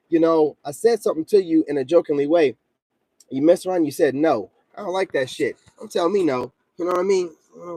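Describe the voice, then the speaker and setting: Male vlogger, slightly higher voice, blunt and confrontational, close dry mic. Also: dark tone, breathy edge, no room sound. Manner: frequent filler asides. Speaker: commentator vlogger. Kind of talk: casual rant to camera.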